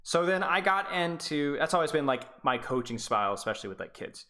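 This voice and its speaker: A man chats casually on a live stream as an esports coach. His voice is bright and forward, and he rambles, stutters and restarts his sentences as he goes. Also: fairly high pitch, big pitch swings, fairly quick.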